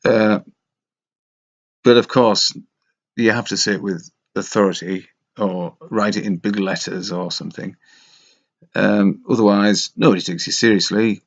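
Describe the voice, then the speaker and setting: Slow gravelly man rambling wryly. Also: on the low side, fairly even intonation. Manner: wry, meandering, self-mocking. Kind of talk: rambling casual monologue. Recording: dull lo-fi sound.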